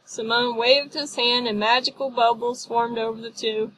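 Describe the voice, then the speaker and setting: A woman's voice: a little high, steady tone, moderate pace, few pauses, bright, forceful tone, slight background noise, low-quality recording. A woman reading a storybook aloud, doing light voices for the characters. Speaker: audiobook narrator.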